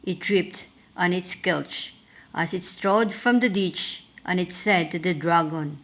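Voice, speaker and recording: A woman reading a rhyming picture book aloud, rhythmic and expressive. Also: fairly low pitch, slow. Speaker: storyteller.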